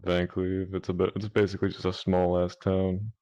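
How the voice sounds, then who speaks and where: Deep-voiced man with a Mississippi accent. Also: little pitch movement, fairly quick, warm tone. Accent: Southern US, Mississippi. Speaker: guest, amateur voice actor. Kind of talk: casual chat. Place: virtual reality chat room.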